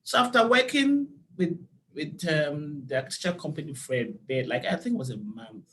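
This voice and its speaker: A woman, a podcast guest, telling a story in an animated way and acting out the dialogue. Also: low voice, normal speed, slight background noise. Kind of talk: conversational storytelling.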